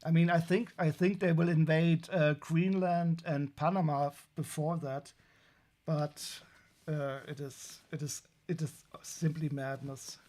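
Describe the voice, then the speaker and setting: A man with a German accent talks casually on a live stream, and his voice sits a little higher than most men's. He rambles wryly, restarting his sentences and filling gaps with uh and um as he unpacks boxes. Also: steady tone, a little slow, darkish tone. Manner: wry, rambling, many restarts and fillers. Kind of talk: casual live-stream chat while unboxing.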